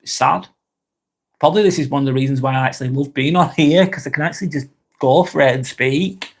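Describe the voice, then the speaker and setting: A man's voice: medium pitch, fast, vocal fry, husky. A British man hosting a live vlog, chatting casually and reading out viewer comments, rambling onto tangents and swearing freely. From Britain.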